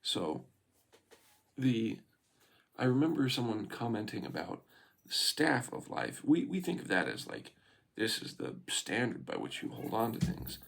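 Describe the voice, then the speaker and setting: Guy reading scripture then chatting about it, husky gravelly voice. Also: mid-range voice, big pitch swings, fairly bright tone. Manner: reads slowly, then muses with fillers and restarts. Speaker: scripture reader and commentator. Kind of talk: scripture reading and casual commentary.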